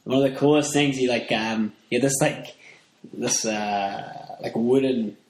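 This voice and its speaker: A man's voice: mid-range voice, unhurried, a little mellow, a little hiss or hum. A man with a Northern Irish accent telling stories in casual chat, rambling with many fillers. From Northern Ireland. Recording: echoey room.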